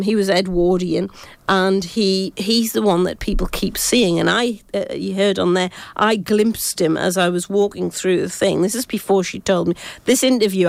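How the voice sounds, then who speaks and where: A woman with a gravelly, fry-laced voice chats about ghost sightings, often cutting herself off and starting over. She talks as a psychic, recorded close and dry. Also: mid-range voice, dry recording. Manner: rambling, self-interrupting storytelling. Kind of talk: casual ghost-story chat.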